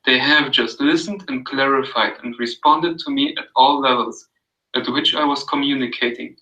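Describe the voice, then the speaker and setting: A man with an accent reading a reflective passage aloud as a guest on a call-in show, in a slow, soothing voice. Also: mid-range voice, steady tone, bright, forceful tone, roomy sound, distant mic, muffled recording. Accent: non-native English.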